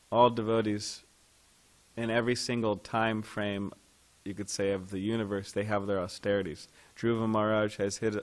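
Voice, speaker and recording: A slightly low-voiced man guides listeners through a devotional scripture lesson at a temple. He speaks informally, breaking off at points to question his audience.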